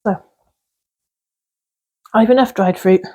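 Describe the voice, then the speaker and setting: A woman's voice: medium pitch, slow pace, warm tone. A woman chatting casually while baking in her cottage kitchen, rambling along with fillers and little laughs. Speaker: vlogger baking at home. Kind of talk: casual cooking vlog chat.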